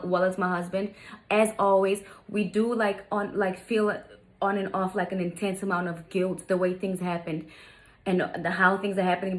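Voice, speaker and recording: A woman in her thirties telling a personal story in a chatty, casual way, often turning to her viewers. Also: mid-range voice. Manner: chatty, repeats "you guys" to viewers. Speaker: vlogger.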